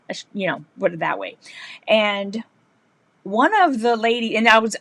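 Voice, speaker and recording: A woman hosting a live sewing stream, telling stories in a chatty, animated way and laughing often. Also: medium pitch, dry recording. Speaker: livestream host, quilter. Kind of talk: casual live-stream chat.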